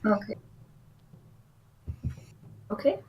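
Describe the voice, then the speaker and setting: A woman's voice: extremely slow, darkish tone, highs cut off. A woman playing a tabletop game, hesitant, with many ums. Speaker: player.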